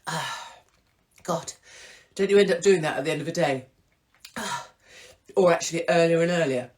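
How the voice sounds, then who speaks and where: A woman hosting a casual live-stream chat, irreverent and theatrical, breaking into sudden high exclamations. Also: moderate pace, a little mellow. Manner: swings into big high exclamations. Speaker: host.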